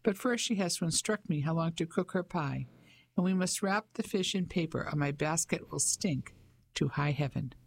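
Cheerful older Frenchman, bright and eager, as a woman narrator puts him on. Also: deep voice, animated, normal speed, husky, exaggerated voice.

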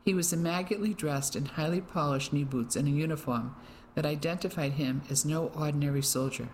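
A woman narrating an audiobook in a measured, dramatic way. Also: low voice, darkish tone, a little hiss or hum, poor audio. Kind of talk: scripted narration.

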